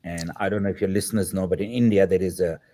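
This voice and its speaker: This filmmaker guest, a man in his fifties, talks fast in a deep, warm voice with fairly even intonation. Recounting a personal story, he acts out the quoted dialogue and reflects as he goes, adding the occasional filler word.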